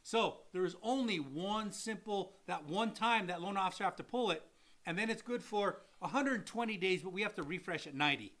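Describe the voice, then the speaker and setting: A man's voice: high-pitched, a little fast, a bit bright. A man working as a mortgage loan officer, co-hosting a casual live Q&A and explaining loans with acted-out examples and repeated phrases.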